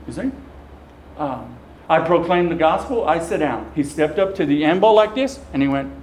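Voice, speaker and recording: A man's voice: sits high, slight background noise, rough recording. A middle-aged man, a deacon telling a folksy story to a parish and acting out the quotes. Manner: folksy, animated storyteller who acts out quotes. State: tearful at times. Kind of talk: storytelling talk to a parish audience.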